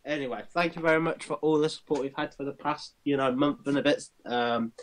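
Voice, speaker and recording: A man's voice: a little high, brisk, a little hiss or hum. A man co-hosting a podcast in casual chat, swearing freely and plugging the show. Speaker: podcast co-host.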